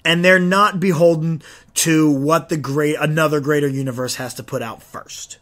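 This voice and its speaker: A young man with a slightly raised voice hosts a solo podcast. He talks in an animated, rambling way. He often restarts and stumbles over his words. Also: a little high, moderate pace. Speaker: podcast host.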